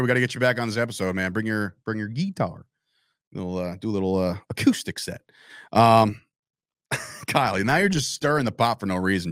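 An opinionated man hosts a live sports talk show, riffing and swearing as he goes. His pitch swings widely from line to line. The sound is close and dry, with no room echo. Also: fairly bright tone. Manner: opinionated, rambling, swears, reacts to live chat. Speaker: podcast host.

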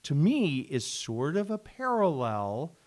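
A man co-hosting a casual podcast chat, talking with big swings of pitch. His voice sits a bit high for a man, and he exclaims a lot and breaks into laughter as he talks. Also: slow. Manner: animated, exclaims often, bursts into laughter. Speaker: podcast co-host.

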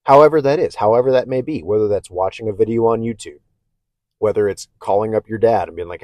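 A man with a lowish voice talks through a casual self-help podcast monologue in a candid, reflective way. He restarts sentences and often checks in with the listener by asking "okay?". The sound is close and dry, with no room echo. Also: quick pace, warm tone. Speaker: podcast host.

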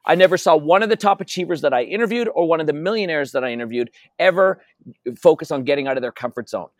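A man's voice: fairly high pitch, expressive, quick pace, dry recording. Emphatic storytelling man, dry close sound. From North America. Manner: emphatic, storytelling, repeats key phrases. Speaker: interview guest, wealth coach. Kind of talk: energetic interview talk.

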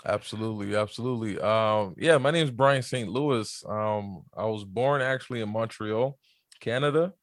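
Easygoing man, low voice. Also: normal speed, dry recording, studio quality. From New York, USA. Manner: relaxed, easygoing, laughs often. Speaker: podcast guest, pastor. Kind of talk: casual interview chat.

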